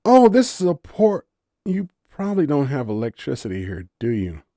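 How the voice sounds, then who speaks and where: A man's voice: fairly high pitch, huge pitch swings, normal speed, mellow, no echo, clean studio sound, pitched above the performer's own voice. A man voicing a grumpy, sarcastic young human woman in an audiobook story, blunt and exasperated. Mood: nervous.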